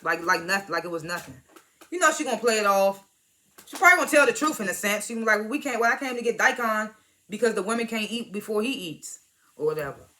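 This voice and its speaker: Bright-voiced casual episode recapper. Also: mid-range voice, lively intonation, fast talker, a little hiss or hum. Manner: retells scenes with "he was like" quotes, swears casually; chuckles through the retelling. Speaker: TV episode reviewer.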